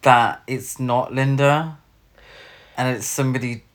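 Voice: medium pitch, steady tone, unhurried. Exasperated film critic, sweary. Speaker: podcast co-host. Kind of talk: casual film review chat.

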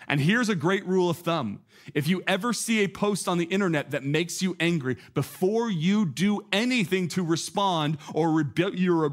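A pastor giving a sermon in a conversational, animated way, with lots of casual asides. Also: male voice, a little high.

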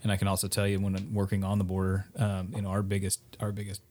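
A man with a fairly low voice talks in an unhurried, casual conversation. He pauses often, filling gaps with "uh" and "you know" as he sorts out his thoughts. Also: monotone, a little mellow. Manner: measured, hesitant, with many "uh, you know". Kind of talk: casual chat.

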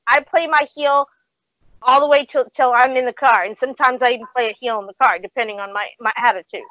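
A woman's voice: high-pitched, fairly even intonation, fast talker, a bit bright, no room sound. Brash, foul-mouthed woman telling wrestling stories. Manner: brash, swears freely, acts out quoted lines. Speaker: guest, former wrestling manager. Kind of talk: casual storytelling on a podcast. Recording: dry, slightly dull video call audio.

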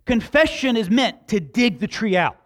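High, lively-voiced male preacher. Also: normal speed. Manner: conversational preaching with joking asides. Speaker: pastor. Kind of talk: sermon.

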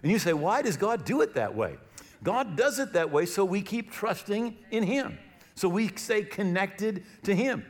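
Middle-aged male pastor, animated preacher who voices his stories, voice on the high side. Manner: animated storytelling, acts out quoted voices loudly. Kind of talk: sermon.

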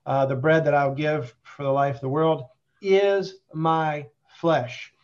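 A man's voice: fairly high pitch, steady tone, slow pace, darkish tone. A man explaining his faith and conversion in conversation, earnest and emphatic, stretching out key phrases. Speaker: guest, Catholic convert. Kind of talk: conversational religious testimony and explanation. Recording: dull lo-fi sound.

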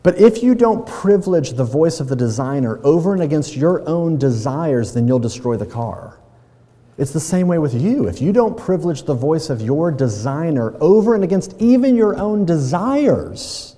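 A man's voice: fairly high pitch, lively intonation, normal speed, mellow. A man pastor delivering a sermon in a conversational way, using playful everyday examples. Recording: long reverb of a large hall.

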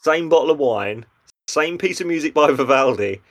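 A man's voice: on the high side, expressive, normal speed. Man animatedly retelling scenes. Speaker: podcast co-host. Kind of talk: casual chat.

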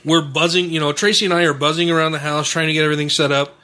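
Bright-toned male host from Utah, swears freely in loose casual chat. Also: on the high side, steady tone, rapid-fire. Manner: profane storytelling. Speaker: podcast host. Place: home studio.

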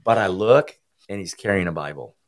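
A man as an interview guest, telling his personal recovery testimony in an earnest, emotional, halting way. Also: deep voice.

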